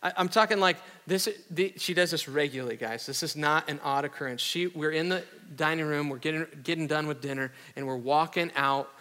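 Bright-voiced man preaching in a hall. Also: a little high, fairly even intonation, fairly quick, few pauses, clean tone. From Iowa, USA. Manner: conversational and joking, with casual slang. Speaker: pastor. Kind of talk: sermon. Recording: reverberant hall.

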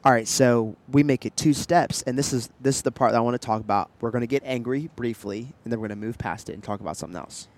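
A young man co-hosting a casual podcast, telling animated stories and trying out silly accents. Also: medium pitch, fast talker, hardly any pauses. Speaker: podcast co-host. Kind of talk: casual chat.

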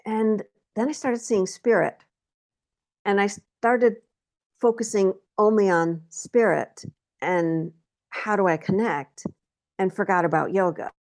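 A woman talking candidly in a casual conversation, telling stories about her life and getting animated when she acts out her own reactions. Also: mid-range voice, slow pace. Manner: candid storytelling, animated when quoting herself. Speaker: guest.

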